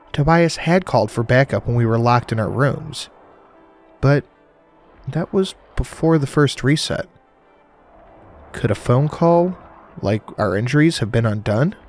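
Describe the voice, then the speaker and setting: Man narrating a horror story over music. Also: medium pitch. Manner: dramatic, conversational first-person reading.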